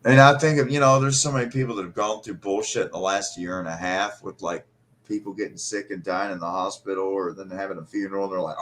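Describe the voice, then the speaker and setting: A man's voice: deep voice, fairly even intonation, quick pace, fairly bright tone. A middle-aged man hosting a live stream, telling a personal story in a profane, emotional and bitter way. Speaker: host.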